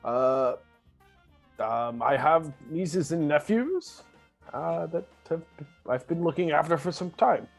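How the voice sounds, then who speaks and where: A man playing a fussy, flustered gentleman. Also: fairly high pitch, expressive, slow pace, creaky, soft background music, exaggerated voice. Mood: polite. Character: fussy, polite man who looks after children. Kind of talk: improvised tabletop role-play.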